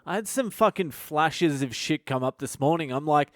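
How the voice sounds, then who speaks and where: A man's voice: a little high, expressive, normal speed, few pauses, no room sound, clean studio sound. A male comedian hosting his own podcast, talking in a casual comedic monologue full of swearing and self-mocking asides.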